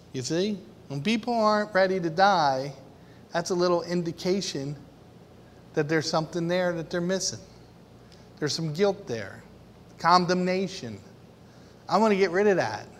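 A man's voice: high voice, fairly bright tone. A man preaching an informal sermon to a small group, conversational and laughing, acting out quoted voices. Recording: long hall reverb.

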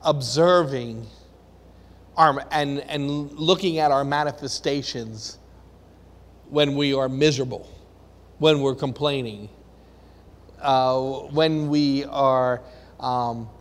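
A man's voice: mid-range voice, fairly even intonation, takes it slowly, pauses often, big-room sound. A man preaching a sermon to a room of listeners, earnest and full of rhetorical questions.

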